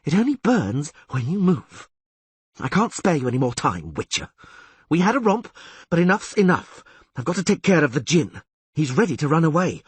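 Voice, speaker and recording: A proud, fierce sorceress, voiced by a man reading an audiobook, speaks in a clipped, cutting hiss. Her voice sits higher than the narrator's own, with a husky grain. The audiobook recording is dry and close. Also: wildly swooping pitch, normal speed, no echo, exaggerated voice. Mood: coldly threatening. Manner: hissing, clipped and cold. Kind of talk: audiobook character voice.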